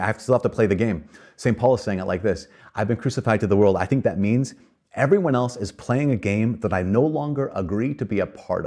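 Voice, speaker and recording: A man's voice: on the low side, mellow. A man preaching a conversational sermon, telling a children's story to make his point. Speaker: priest.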